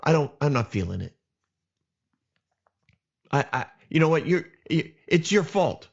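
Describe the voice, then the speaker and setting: An arrogant, self-pitying young prince who rambles and blames, as a man puts him on. His voice sits a little high, and he talks in a petulant, contemptuous way. The audio is somewhat dull and lo-fi. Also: very animated, unhurried, vocal fry, exaggerated voice.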